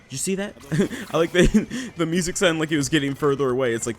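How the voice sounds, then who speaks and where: A man giving casual let's play commentary, excitable and self-mocking, swearing and laughing often into a desk microphone. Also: fairly high pitch, a little fast, faint music behind. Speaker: gameplay commentator.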